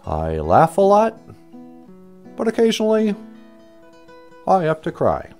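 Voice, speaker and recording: A man doing an impression of a former male president, speaking slowly and deliberately with pauses between words. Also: high-pitched, wildly swooping pitch, darkish tone, soft background music, exaggerated voice. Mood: solemn.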